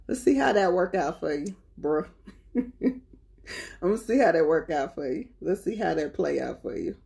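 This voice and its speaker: Chatty Southern woman with a low voice. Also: moderate pace, gravelly. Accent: Southern US, North Carolina. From North Carolina. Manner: animated, laughing, talks to her pets and viewers. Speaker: spiritual vlogger. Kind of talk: casual chat to viewers.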